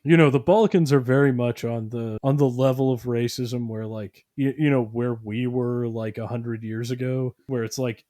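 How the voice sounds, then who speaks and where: A man's voice: mid-range voice, mellow, dry recording, clean studio sound. Rambling sarcastic man, podcast co-host. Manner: rambling, sarcastic, lots of fillers and mock voices. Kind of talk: casual podcast chat.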